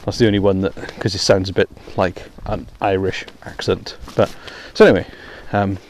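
A man with a lowish voice rambles through a casual podcast monologue, full of ums and self-deprecating asides. He is out walking in the rain, speaking into a hands-free phone headset, with faint outdoor noise behind him. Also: steady tone, normal speed, a little mellow. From Wales. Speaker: podcast host.

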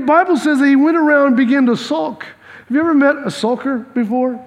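A male pastor preaching an animated sermon, often repeating words and acting out dialogue. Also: very high voice, brisk. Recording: long reverb of a large hall.

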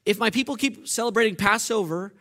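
A man's voice: high voice, a little fast, pushed and bright, pitched above the performer's own voice. A preacher voicing a scheming old king. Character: scheming ancient king worried about his throne.

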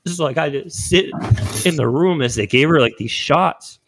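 A man's voice: on the high side, normal speed, a bit bright, husky, no room sound. A young man hosting a podcast, telling an emotional story in a rambling casual way with frequent swearing. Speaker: podcast host. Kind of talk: casual chat.

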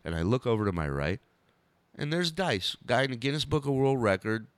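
A man's voice: medium pitch, fairly quick, smooth, no room sound. A male comedian telling a story on a podcast, swearing and acting out scenes. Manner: animated, swearing, acts out scenes. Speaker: comedian guest.

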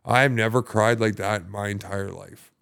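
A man's voice: lowish voice, steady tone, normal speed, creaky, a bit bright, clear, resonant tone. A young man, a podcast guest, telling his recovery story in casual talk, rambling with many fillers and heavy swearing.

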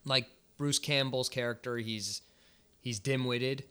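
Smooth-voiced thoughtful man. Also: medium pitch, fairly even intonation, measured pace, a bit bright. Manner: thoughtful, analytical, searches for words. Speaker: podcast co-host. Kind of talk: casual movie review chat.

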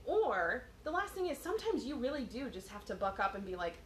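A woman co-hosting a podcast, a mother telling lively stories in casual chat. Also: on the high side, fairly quick, roomy sound, a little hiss or hum. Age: adult, mother of children. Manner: chatty, animated storyteller. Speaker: podcast co-host.

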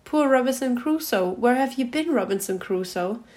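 A woman's voice: on the high side, animated, moderate pace, darkish tone, pitched above the performer's own voice, close to an everyday voice. An old miser in a storybook reading, overcome with memory, his voice caught between laughing and crying, as a woman reads him. He speaks with fervor and a catch in his throat. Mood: ecstatic. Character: old miserly man, moved to tears. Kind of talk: literary reading.

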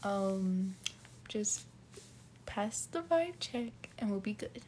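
A woman's voice: medium pitch, lively intonation, takes it slowly, a little mellow, slightly rough. A young woman in casual, joking chat about dating, with lots of fillers.

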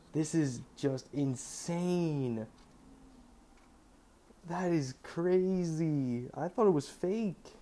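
A young man hosting a solo sports show, talking excitedly about breaking football news, often stammering and restarting his sentences. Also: medium pitch, a little hiss or hum. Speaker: sports podcast host.

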